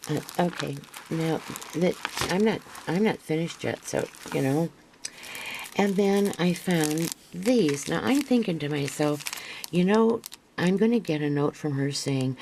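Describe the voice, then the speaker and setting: An older woman with a gravelly voice, a craft vlogger chatting to camera as she unpacks a parcel, gushing and rambling with restarts, sometimes dropping to a near-whisper. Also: low-pitched, expressive, unhurried, warm tone, slight background noise, low-quality recording. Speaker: craft vlogger showing a haul. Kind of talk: casual show-and-tell to camera.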